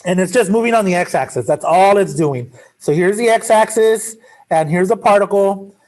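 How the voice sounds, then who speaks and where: A man's voice: high-pitched, normal speed, darkish tone. A male math teacher giving a classroom lecture in a casual, joking way, drifting into chatty asides.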